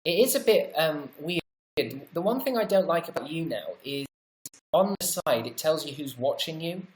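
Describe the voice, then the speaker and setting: A British man hosting a casual livestream, reading viewer comments out loud and answering them with chatty, wry, self-deprecating asides. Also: on the high side, lively intonation, moderate pace, reverberant. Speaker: livestream host.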